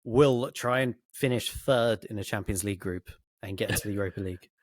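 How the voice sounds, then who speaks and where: A man's voice: lowish voice, fairly quick, no echo, clean studio sound. A man co-hosting a casual football podcast, laid-back and trailing off mid-sentence. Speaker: podcast co-host.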